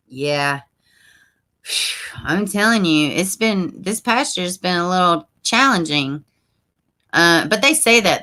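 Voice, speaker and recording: A woman's voice: mid-range voice, big pitch swings, measured pace, pushed and bright. A woman hosting a true crime livestream, chatting casually with her viewers, reading their comments aloud and using folksy slang like y'all.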